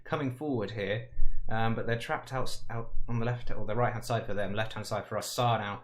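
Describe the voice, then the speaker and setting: Man, football game commentary, excitable, jokey, voice cracking. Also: on the low side, a little fast, a little hiss or hum. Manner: excitable, swells to shouts at goals; chatty, jokey asides.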